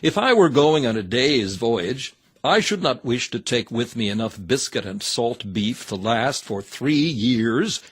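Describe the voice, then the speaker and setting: A man's voice: medium pitch, lively intonation, measured pace, breathy edge. A man reading a sermon aloud in an earnest, exhorting manner with old-fashioned scriptural phrasing. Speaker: reader of a sermon.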